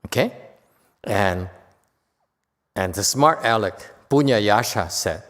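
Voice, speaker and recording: A man's voice: on the low side, lively intonation, slow pace, fairly bright tone. A man teaching a Buddhist dharma lecture in a chatty, joking way that keeps checking in with the audience. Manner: chatty, often checks in with "okay?"; joking asides. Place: temple lecture hall. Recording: long reverb in a hall.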